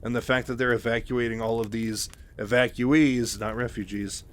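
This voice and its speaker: A man's voice: medium pitch, steady tone, normal speed. A man casually recapping a book in a rambling, filler-heavy way. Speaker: narrator.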